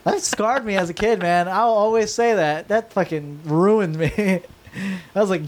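Rambling high-voiced man chatting about wrestling. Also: measured pace. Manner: rambling, profane, laughs often. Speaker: podcast co-host. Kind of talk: casual wrestling podcast chat.

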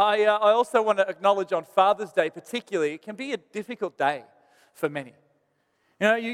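A man's voice: high-pitched, clean tone, long reverb tail. A man, a pastor telling a self-deprecating story in a sermon.

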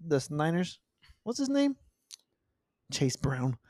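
Man, relaxed profane co-host, slightly high voice, dead-dry room. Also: takes it slowly, no room sound. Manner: laid-back, swears often. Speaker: podcast co-host. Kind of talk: casual sports chat.

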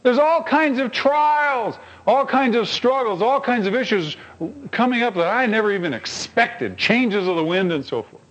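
A male pastor delivering a sermon in a high, lively voice that climbs on emphatic lines and drops low for quiet asides. He talks in a storytelling way and keeps putting rhetorical questions to his listeners. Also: normal speed, low-quality recording.

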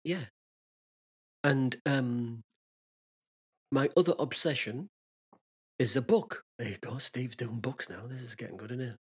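A podcast co-host with a husky voice at a middle pitch. He talks in a chatty, friendly way and laughs easily. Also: unhurried, long pauses. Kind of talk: casual chat.

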